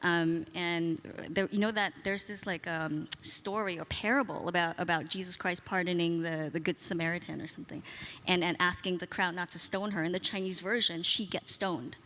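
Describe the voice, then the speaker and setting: A woman's voice: fairly low pitch, steady tone, moderate pace, fairly bright tone, long reverb tail. A woman on a live panel explaining a point, hesitant with fillers.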